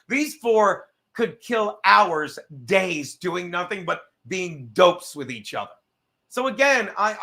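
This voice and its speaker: A male livestream host with a high voice and a bright, forceful tone talks casually, swearing constantly and reading viewer messages aloud. His sentences ramble and break off as he stops to fumble with his setup.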